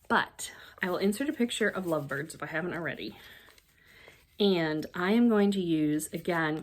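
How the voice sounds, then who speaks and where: A woman chatting casually as a crafting vlogger, excitable and rambling, often trailing off and restarting. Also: medium pitch. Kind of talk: casual show-and-tell chat.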